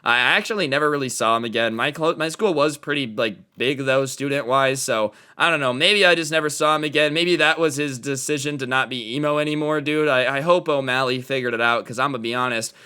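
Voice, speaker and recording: A young man telling a school story in a casual, slangy, animated way. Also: medium pitch, a little fast, few pauses, clean tone. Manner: slangy, animated, lots of "dude" and "like". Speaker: storytime channel host.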